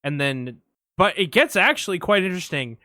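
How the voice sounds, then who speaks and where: A man co-hosting a casual movie podcast, telling stories in an animated way, swearing often and acting out quotes. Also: sits high, moderate pace, no room sound, studio quality. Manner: animated storyteller, swears a lot, acts out quotes. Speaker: podcast co-host.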